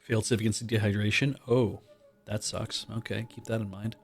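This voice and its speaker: A man streaming a modded game, reading the game text aloud in casual commentary and breaking into loud, surprised swearing. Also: lowish voice, flat delivery, moderate pace, soft background music.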